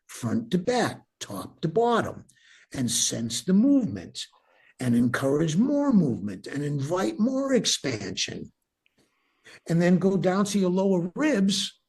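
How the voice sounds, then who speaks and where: Older male breathwork teacher, slightly raised pitch, husky, calm instructive guided-meditation delivery. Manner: calm, instructive, repeats cues.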